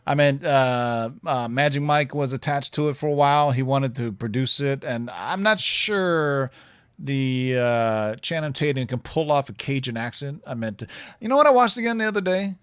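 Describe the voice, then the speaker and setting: A man's voice: mid-range voice, expressive, normal speed, a bit bright, smooth, no room sound, clean studio sound. A man co-hosting a casual live stream, reading viewer questions and rambling with self-corrections and chuckles.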